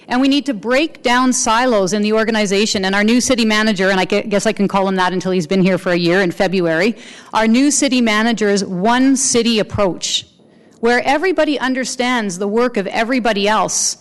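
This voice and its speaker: Woman mayor giving a speech, earnest and measured, smooth clear voice, pauses a lot between phrases. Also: medium pitch. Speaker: mayor giving an inaugural address. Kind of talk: formal public speech.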